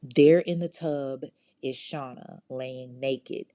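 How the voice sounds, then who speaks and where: A woman hosts a true crime podcast, telling the story in loose, profane slang and talking straight to her listeners. Her voice sits low and mellow. The sound is dry and close. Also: fairly even intonation, slow pace, dry recording. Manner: casual, slangy, profane, talks to listeners directly. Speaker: podcast host.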